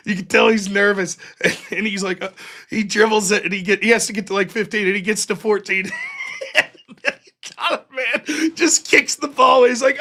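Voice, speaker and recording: A man's voice: very high voice, moderate pace, sharp tone. A man hosting a casual live stream, rambling through stories, laughing often and swearing. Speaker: livestream host. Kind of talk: casual livestream chat reading chat.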